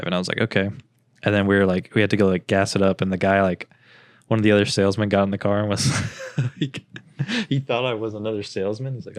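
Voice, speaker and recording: A man's voice: on the low side, fairly even intonation, quick pace, dry recording, clean studio sound. A young man co-hosting a podcast, telling rambling stories in casual chat, swearing freely and mimicking the people he talks about. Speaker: podcast co-host.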